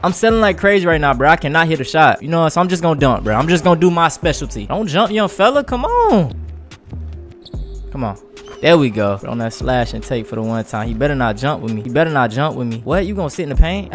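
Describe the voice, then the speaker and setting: A man's voice: a little high, brisk. Young dude hyping up his basketball game, slangy trash talk, voice jumping all over, little music under it. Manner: hype, trash-talking, animated reactions with slang. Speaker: gaming YouTuber. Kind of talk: casual gameplay commentary.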